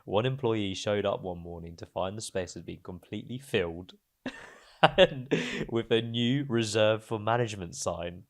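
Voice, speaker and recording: A man's voice: lowish voice, moderate pace. A man co-hosting a chat show, telling workplace stories with slang and teasing his co-host. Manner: chatty, uses slang, teasing. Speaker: podcast co-host. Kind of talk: casual chat, storytelling.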